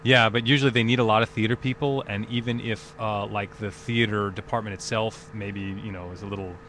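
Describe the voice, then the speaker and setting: A man who is a voice actor answers fan calls in casual chat, thoughtful and relaxed, with many ums and uhs, over a webcam video chat. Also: on the low side, fairly quick, slight background noise.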